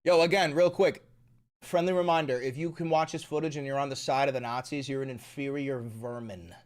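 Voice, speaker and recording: A man's voice: medium pitch, steady tone, fairly quick, a faint crowd. A man streaming live reaction commentary, heated and mocking, swearing often.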